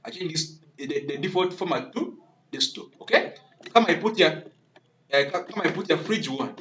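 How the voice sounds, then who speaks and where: A man's voice: on the high side, lively intonation, moderate pace, fairly bright tone, slight background noise. Male coding tutor, repetitive step-by-step delivery, lo-fi muffled recording. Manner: repetitive, keeps asking "okay?". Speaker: coding instructor. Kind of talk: live-coding screen tutorial. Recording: dull lo-fi recording.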